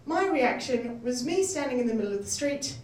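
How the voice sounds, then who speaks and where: A woman's voice: high-pitched, lively intonation, a little fast, a little mellow. A woman performing a stand-up comedy set, self-deprecating and often laughing through her lines. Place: live comedy venue. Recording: echoey room heard from a distance.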